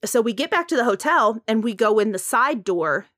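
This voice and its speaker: A woman tells a story in a loose, animated way, full of "like" and sighs. Her voice sits a bit high, and the sound is dry and close, with no room around it. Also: moderate pace, no room sound. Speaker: podcast co-host and storyteller. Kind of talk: casual storytelling chat.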